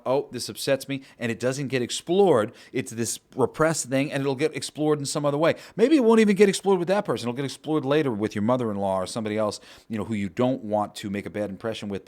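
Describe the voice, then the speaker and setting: A man's voice: mid-range voice, a little mellow. A man hosting a podcast, talking through an idea in a rambling, casual monologue full of swearing and fillers. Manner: rambling, profane, with many fillers. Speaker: podcast host.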